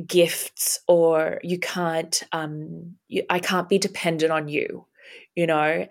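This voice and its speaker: Slow talking woman, kinda gravelly, low-ish voice, shaky and emotional, swears a lot. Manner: candid, swearing, halting with repeats. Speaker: podcast guest. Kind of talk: emotional personal interview.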